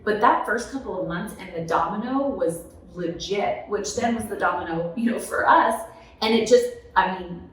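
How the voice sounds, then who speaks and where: Female author, 30s, animated storyteller, roomy echo and distant mic. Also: mid-range voice, moderate pace, a little hiss or hum. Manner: animated, tag questions like "right?". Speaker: author and guest. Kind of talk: conversational podcast storytelling. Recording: echoey room, mic at a distance.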